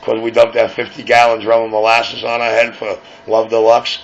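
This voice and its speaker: Speaking at a normal pace in a fairly low monotone with vocal fry, this New York-accented man hosts late-night radio, rambling casually about conspiracies. A faint hiss runs through the dull, lo-fi recording.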